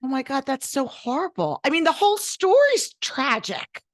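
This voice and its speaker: A woman hosting a casual podcast interview, jumping in with quick, eager reactions. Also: high voice, very animated. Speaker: podcast host.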